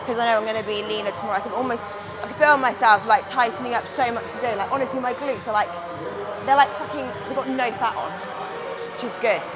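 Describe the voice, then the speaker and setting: Young woman, casual and candid gym vlogger, a touch high, music track playing under her. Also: fast, a crowd in the background, low-quality recording. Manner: chatty, candid, swears casually. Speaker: bodybuilding competitor. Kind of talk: casual gym vlog talk.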